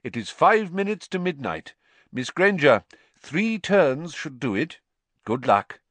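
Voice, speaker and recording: A man voicing a kindly, wise old headmaster who speaks calmly and gently. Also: fairly high pitch, slow, dry recording, pitched above the performer's own voice, heavily acted. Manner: calm, gentle.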